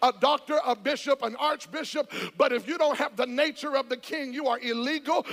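A man preaching a charismatic sermon, shouting and calling on the congregation to answer back. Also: extremely high pitch, fairly quick, hardly any pauses. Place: church sanctuary. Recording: church hall with long reverb.

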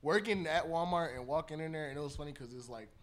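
A young man with a fairly high voice tells stories in a loose, slangy way. He laughs a lot as he talks. This is a relaxed chat among friends. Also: fast. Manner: slangy storytelling, laughs often. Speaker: podcast co-host. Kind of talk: casual chat.

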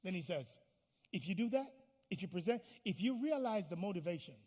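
A man preaching a sermon as pastor, pleading and repeating phrases, swinging from hushed tones to loud, fiery declarations. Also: sits high, expressive, fairly quick. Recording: long hall reverb.

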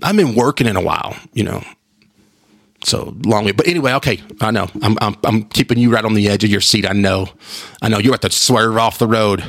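Rambling gravelly podcast host. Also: male voice, on the low side, quick pace. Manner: rambling, animated, with repeated restarts. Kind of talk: casual solo podcast chat.

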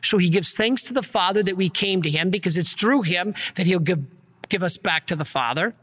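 A man, a priest, giving an earnest and energetic sermon with slides. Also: high voice, a little fast, long reverb tail. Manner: earnest, energetic preaching, gets worked up.

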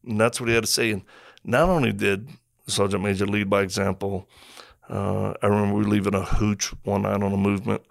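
A man's voice: lowish voice, brisk, creaky, dry recording, clean studio sound. A middle-aged man and former Marine telling stories in casual conversation, acting out quotes and sound effects as he goes. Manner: animated storyteller, acts out quotes and sound effects.

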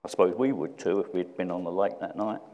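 Guy preaching, low voice, thoughtful, lots of repeated questions, long hall echo. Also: quick pace, highs cut off. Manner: reflective, asks repeated questions, drops to a hush. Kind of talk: sermon.

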